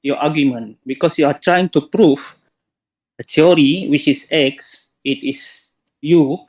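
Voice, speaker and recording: A man's voice: a little high, unhurried, darkish tone. A man calling into a live debate, pressing with insistent questions. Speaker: caller.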